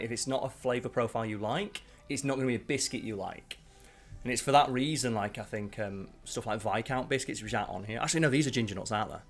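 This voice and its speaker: A man hosting his channel, chatting casually and rambling through strong opinions with plenty of swearing. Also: medium pitch. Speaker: channel host ranking biscuits. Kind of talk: casual live-stream chat.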